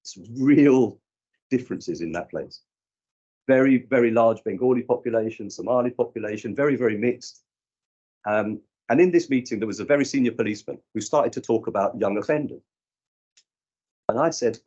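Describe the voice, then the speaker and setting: A man from the UK gives a conference talk as a youth work trainer, telling animated stories and acting out the dialogue. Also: medium pitch, moderate pace, slightly rough. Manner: animated storyteller who acts out dialogue. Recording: dull lo-fi recording.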